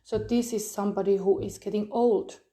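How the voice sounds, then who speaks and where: Mellow-voiced woman rambling through a tarot reading. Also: mid-range voice, steady tone, a little fast. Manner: rambling, searching for words, frequent fillers. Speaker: tarot reader. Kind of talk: live-streamed tarot reading.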